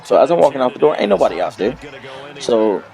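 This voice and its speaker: Young guy from kentucky telling a wild story over gameplay, tons of slang, jokey and lively. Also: medium pitch, quick pace, gravelly. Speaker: gaming channel host.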